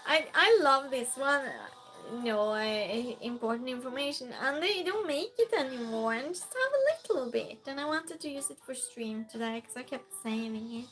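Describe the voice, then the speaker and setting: A woman's voice: sits high, moderate pace, faint music behind. A woman with a Swedish accent, casually chatting with her stream and reading viewer comments aloud. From Sweden. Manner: relaxed, reads chat aloud, soft giggles.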